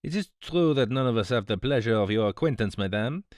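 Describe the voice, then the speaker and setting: A man's voice: mid-range voice, expressive, brisk, a little mellow, no room sound, studio quality, lightly acted. A man voicing a fussy, smug older detective, politely reproving, in an audiobook. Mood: smug, precise. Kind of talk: audiobook character voice.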